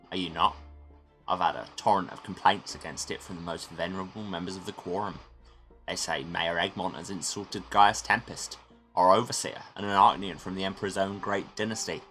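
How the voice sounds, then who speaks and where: A man's voice: sits low, pushed and bright, pitched below the performer's own voice. A man voicing a pompous, haughty elderly aristocrat magistrate in a game. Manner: pompous, disdainful.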